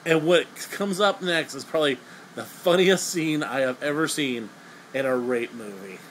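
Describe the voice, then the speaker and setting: A young man with a slightly high voice rambles through a crude, sarcastic movie review. He swears freely and stumbles over repeated words. A faint air-conditioner hum runs underneath. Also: normal speed, fairly bright tone, low-quality recording.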